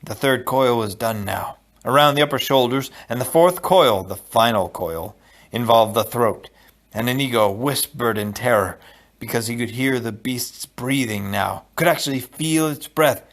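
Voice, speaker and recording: Male audiobook narrator, expressive storytelling, middle pitch. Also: normal speed. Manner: expressive storytelling, dropping low for asides. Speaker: audiobook reader.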